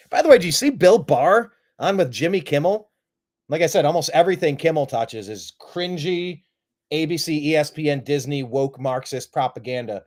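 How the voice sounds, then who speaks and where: Male show host, fairly high voice, rambling, emphatic and opinionated, full of rhetorical questions. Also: animated, normal speed, darkish tone. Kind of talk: opinionated live-stream commentary.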